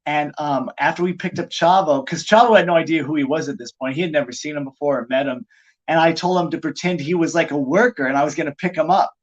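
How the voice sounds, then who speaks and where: A middle-aged man tells wrestling-locker-room stories in a lively, rambling podcast chat, leaning on "like" as he goes. His voice sits a little high for a man. The recording is muffled and lo-fi. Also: fast. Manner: animated anecdote-telling, heavy use of "like". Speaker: pro wrestler guest. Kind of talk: casual podcast storytelling.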